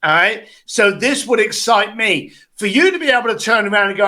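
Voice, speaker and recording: A man coaching on a video call, giving blunt, animated advice and acting out quotes. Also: high-pitched, normal speed. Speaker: business coach.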